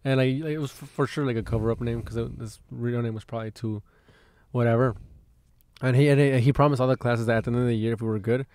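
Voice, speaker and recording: A young man co-hosting a podcast, telling excitable, profane school stories. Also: mid-range voice, fast talker. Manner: excitable storyteller, swears a lot. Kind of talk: casual podcast chat.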